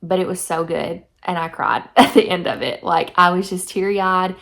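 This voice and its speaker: A woman's voice: lowish voice, fairly even intonation, normal speed, gravelly, fairly bright tone. A young woman in a casual book review vlog, chatty and effusive, reading passages aloud. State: teary-eyed. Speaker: book vlogger.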